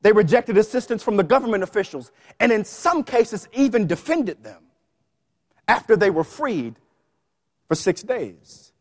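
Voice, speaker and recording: A man preaching a sermon in a lively, playful way, with quick asides and bits of song. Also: high-pitched, big-room sound. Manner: animated preaching with playful asides and sung snippets.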